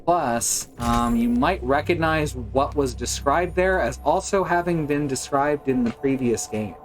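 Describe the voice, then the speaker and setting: A man's voice: mid-range voice, a little slow, soft background music, rough recording. A man chatting casually and joking while he plays a game on a live stream. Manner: wry, joking, narrating his gameplay.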